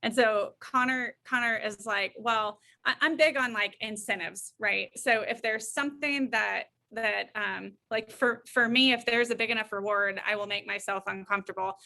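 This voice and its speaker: A woman's voice: on the high side, moderate pace, gravelly, hardly any pauses. A middle-aged woman, a guest counselor, telling an anecdote and acting out the voices in it. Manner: lively, acts out the voices in her stories. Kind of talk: anecdotal storytelling.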